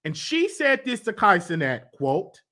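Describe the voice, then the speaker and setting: High, lively-voiced man host reading aloud. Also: a little slow. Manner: stops often to scroll back and reread. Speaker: show host. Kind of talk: reading messages aloud with commentary.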